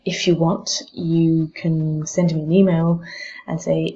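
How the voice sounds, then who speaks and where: A woman teacher giving exam tips on pronunciation, demonstrating word stress slowly and with care. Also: low-pitched, level tone, mellow, lo-fi sound.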